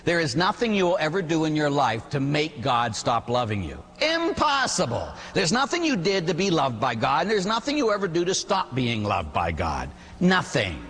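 Brief: male Catholic priest, lively sermon voice, husky, long reverb. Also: fairly high pitch, normal speed, few pauses. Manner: animated, storytelling preacher with rhetorical questions.

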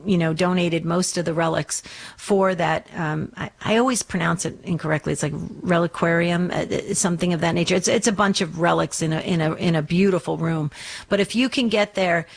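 A woman's voice: on the low side, a little fast, gravelly. A woman hosting a faith call-in radio show, talking earnestly and rambling with lots of ums and restarts. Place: Arizona studio.

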